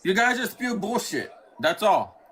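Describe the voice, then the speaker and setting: A man's voice: sits high, sing-song, unhurried, fairly bright tone. A man calling into a livestream debate, arguing angrily and swearing at the host. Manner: angry, profane, insulting. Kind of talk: heated argument.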